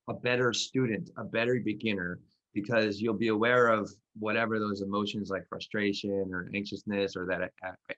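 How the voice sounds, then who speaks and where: A man's voice: fairly low pitch, a bit bright, muffled recording. Rambling man telling a self-deprecating story. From Philadelphia. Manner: rambling, self-correcting, laughs at himself. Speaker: podcast co-host and class teacher. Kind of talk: casual chat, then guided grounding practice.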